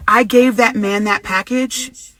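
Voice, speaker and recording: A woman's voice: a little high, steady tone, slow, a bit bright. A woman from the United States, a social media influencer with an American accent, telling a dramatic story to camera and acting out other people's voices.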